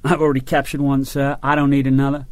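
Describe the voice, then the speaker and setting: A man's voice: medium pitch, completely flat delivery, fast talker, no echo, close to an everyday voice. A man voicing a blunt British rifle officer who jokes dryly and barks orders in a storybook reading. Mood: wry. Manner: dry, joking, barks orders.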